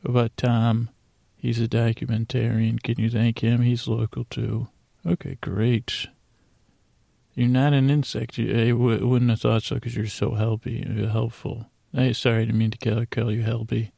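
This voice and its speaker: A man's voice: medium pitch, level tone, moderate pace, vocal fry, warm tone, no room sound. A man hosting a bedtime podcast, rambling and mumbling with playful asides as he thanks listeners. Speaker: podcast host.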